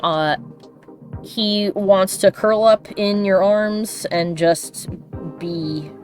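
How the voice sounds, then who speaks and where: A woman's voice: medium pitch, drawn-out words, darkish tone, soft background music. A woman chatting casually and affectionately on her live stream while she draws, laughing often. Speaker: streamer and artist. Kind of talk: casual chat while drawing.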